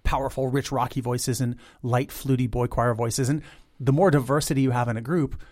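A man in his fifties, a guest in an interview, talking in an animated, chatty way and imitating instruments with his voice. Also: mid-range voice, brisk. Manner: chatty, many "like" fillers. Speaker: guest, a cappella arranger. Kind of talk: interview conversation.

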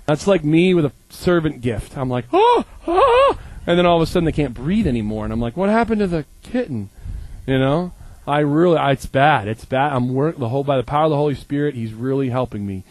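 A man's voice: mid-range voice, fast talker, a little mellow, no room sound, rough recording. A middle-aged man from Maine preaching, telling stories with humor and acting out quoted voices. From Maine, USA. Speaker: pastor. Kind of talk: sermon.

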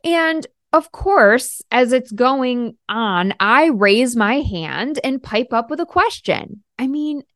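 Upbeat, lively woman podcaster. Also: on the high side, no room sound, clean studio sound. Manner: upbeat, emphatic, slows down to stress key points. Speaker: podcast host and life coach. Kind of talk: podcast monologue.

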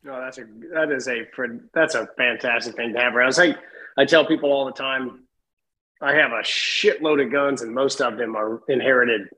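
A middle-aged man telling animated stories as a podcast guest, laughing often. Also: medium pitch, normal speed, poor audio. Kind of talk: casual storytelling.

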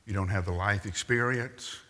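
Bright-voiced male preacher in a reverberant hall. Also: on the low side, normal speed. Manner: storytelling preacher, acts out quotes, wry asides. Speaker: pastor. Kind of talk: sermon. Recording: long reverb in a large hall.

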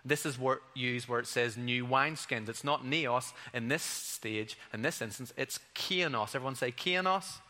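A man preaching a sermon in a bright, forceful voice. His tone is earnest and conversational, with light playful asides. The sound carries a long reverb from a church hall. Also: medium pitch. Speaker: pastor.

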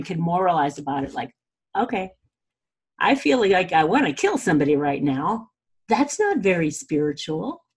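A woman with a husky, slightly breathy voice explains a self-help practice in a relaxed, conversational teaching style. She sprinkles in "like" and "okay?" as she goes, encouraging the listener and openly sharing her own pitfalls. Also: mid-range voice. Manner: chatty, frequent "like" and "okay?" check-ins; encouraging, candid about own struggles. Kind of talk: casual spoken teaching.

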